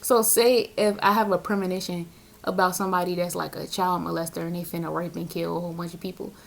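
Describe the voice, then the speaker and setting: A woman's voice: on the low side, level tone, quick pace, vocal fry. A young woman, a tarot reader, talking casually and bluntly in a spiritual vlog, with slang and frequent laughs. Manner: blunt, slangy, laughs often between points.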